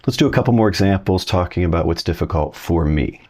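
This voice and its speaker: Low-voiced male language teacher, relaxed and encouraging, clear slow examples. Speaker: Spanish teacher. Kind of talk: casual video lesson.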